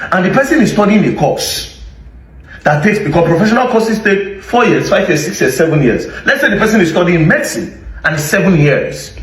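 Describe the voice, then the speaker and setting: A combative Nigerian man rants in sarcastic commentary, his fairly high voice swinging widely up and down. He sounds set back from the mic in an echoey room. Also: recorded from a distance. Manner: sarcastic, combative, full of rhetorical questions. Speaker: social media commentator. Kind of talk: ranting commentary to camera.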